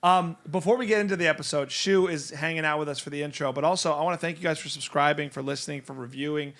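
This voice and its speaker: A male podcast host talks casually from his studio, upbeat and teasing, often breaking into laughter. His voice sits a little high for a man. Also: quick pace, a bit bright. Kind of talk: casual chat.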